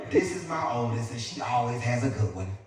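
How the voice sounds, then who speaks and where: A man doing stand-up storytelling, animated and squealing in high voices when he acts out his family. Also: moderate pace, very echoey. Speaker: stand-up comedian. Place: live comedy stage. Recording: far-off mic with loud crowd laughter. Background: audience laughter.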